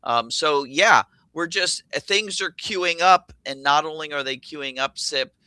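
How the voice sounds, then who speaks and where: Male trading host, bright and crisp, energetic and chatty, recorded dry and close. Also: a little high, unhurried, dry recording. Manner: energetic, enthusiastic, thinks aloud with fillers. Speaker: show host, options trader. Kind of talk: explaining trades on charts.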